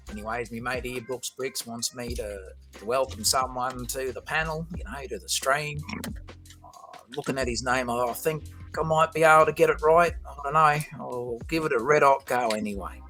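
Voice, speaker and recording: A man's voice: medium pitch, normal speed, fairly bright tone, soft background music, close to an everyday voice. Folksy old Aussie bushman, broad accent, slangy drawl; a man puts it on. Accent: broad Australian.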